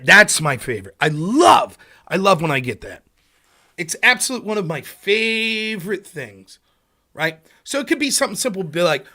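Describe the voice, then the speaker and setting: American man, political livestream rant, bright forceful voice, slightly high pitch, mocking tone. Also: moderate pace. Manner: animated, mocking, slips into loud mocking quotes of opponents. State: sleepy.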